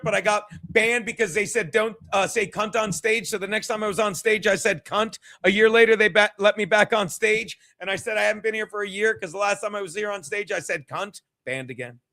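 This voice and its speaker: Man, very high voice, bright tense tone, profane rambling rant, comedian streaming. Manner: rambling, profane, combative, repeats himself. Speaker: stand-up comedian. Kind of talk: profane ranting stream commentary.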